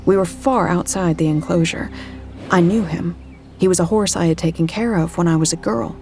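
Woman doing a haunted lady agent telling her story, lowish gravelly voice, faint music under. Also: moderate pace, darkish tone, close to an everyday voice. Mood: tense. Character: troubled female agent, haunted and tense. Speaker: narrator and lead character. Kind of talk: first-person audio drama narration.

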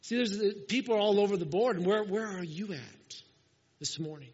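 A man preaching a sermon as pastor, telling the story in a lively way and acting out the lines he quotes. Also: high-pitched, moderate pace, husky. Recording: muffled, with long hall reverb.

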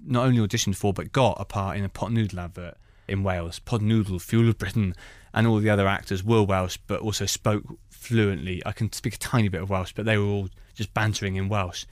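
Fast-talking man, lower voice. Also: no echo, studio quality. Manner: animated storytelling. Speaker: stand-up comedian. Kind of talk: conversational anecdotes.

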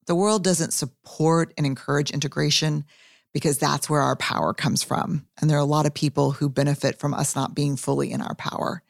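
A woman's voice: low voice, steady tone, brisk, creaky, no room sound, clean studio sound. A woman hosting a podcast in a casual, candid way, stretching out reflective phrases. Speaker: podcast host.

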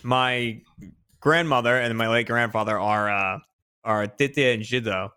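A man's voice: medium pitch, unhurried, bright, forceful tone, clean tone, no echo, studio quality. A man on a podcast explaining things carefully in casual chat, with many fillers.

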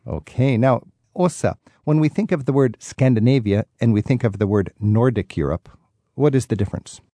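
A man's voice: mid-range voice, lively intonation, normal speed, mellow, dry recording. A man hosting a radio talk show, asking guests curious, friendly questions in short prompts. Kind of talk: public radio interview.

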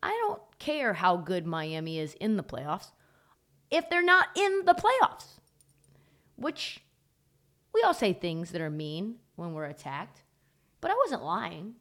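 A woman's voice: fairly low pitch, wildly swooping pitch, slow, pauses often, fairly bright tone. A woman hosting a sports talk podcast, delivering an emphatic, gleefully mocking monologue in short punchy bursts. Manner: punchy repeated short phrases. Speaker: podcast host.

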